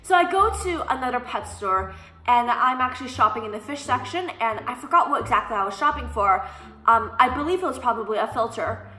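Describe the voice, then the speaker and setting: A young woman chats through a storytime vlog in a sassy, animated way, slipping into voices for the people she talks about. Her voice is bright and sits a little high. The sound is roomy with a faint music bed. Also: fairly quick. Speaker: vlogger. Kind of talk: casual storytime chat. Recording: echoey room, faint background music.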